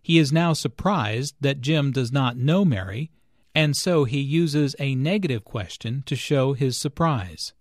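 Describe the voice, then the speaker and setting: A man reading English lesson notes in a careful, clearly enunciated scripted narration. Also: medium pitch, lively intonation, unhurried, no room sound, clean studio sound. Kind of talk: slow scripted teaching narration.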